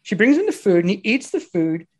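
A man co-hosting a casual film chat, telling stories in an animated way and laughing often. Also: sits high, a little fast, husky. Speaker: podcast co-host.

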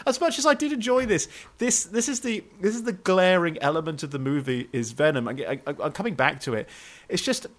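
A man co-hosting a casual film review podcast, animated, laughing often and tripping over his words. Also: high-pitched, a little fast. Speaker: podcast co-host.

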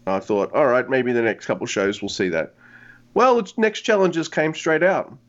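A man co-hosting a podcast, excitable and profane in casual wrestling chat. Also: medium pitch, moderate pace. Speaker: podcast co-host. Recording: dull lo-fi sound.

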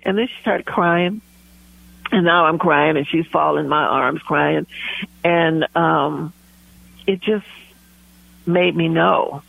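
A woman's voice: low voice, vocal fry, slightly rough, narrow, tinny audio. A woman guest telling a heartfelt story in an interview, laughing often as she talks. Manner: warm testimony with frequent laughs. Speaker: guest, community pie baker.

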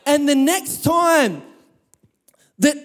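A man pastor preaching a sermon to a congregation, telling a Bible story with humor and lively emphasis. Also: extremely high pitch, very slow, long reverb tail. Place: church hall with audience.

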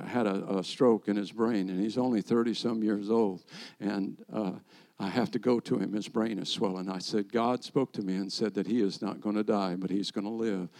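A middle-aged man, a rabbi, preaching a sermon and telling stories while acting out the dialogue. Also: on the low side. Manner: animated storyteller acting out dialogue. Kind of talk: sermon storytelling.

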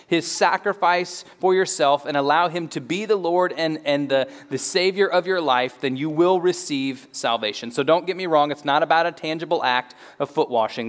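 A man preaching a sermon as pastor, in an earnest, conversational way that often repeats words as he restarts a thought. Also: on the high side. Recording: long hall reverb.

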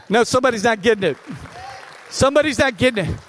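A man's voice: extremely high pitch, fast, long pauses, a bit bright, dry recording, studio quality, big-room sound. A man preaching a sermon as pastor, emphatic and repetitive, with joking asides to the congregation. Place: church.

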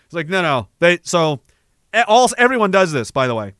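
A man from Canada hosting a casual livestream, telling stories in a profane, rambling, animated way. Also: on the high side, brisk, clean tone, no room sound, studio quality. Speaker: livestream host.

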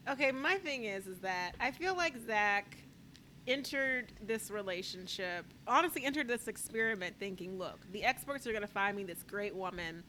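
A woman, chatting casually as a podcast co-host, emphatic and quick to exclaim. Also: mid-range voice, expressive, sharp tone, slight background noise. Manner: emphatic, exclaims and laughs often. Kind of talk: casual chat.

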